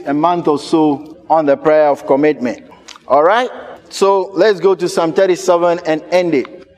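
A man's voice: on the high side, darkish tone. A man with a Ghanaian accent preaching a sermon as pastor, emphatic and repetitive, firing rhetorical questions at the congregation.

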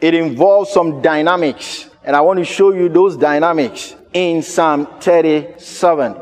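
A man's voice: a little high, a little slow. A man with a Ghanaian accent preaching a sermon as pastor, emphatic and repetitive, firing rhetorical questions at the congregation.

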